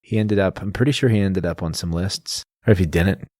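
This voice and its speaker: In a clean, studio-quality recording with no echo, a podcast host talks fairly quickly in a low-pitched, slightly mellow voice about a novel's background. His casual explanation strings facts together, with many restarted sentences.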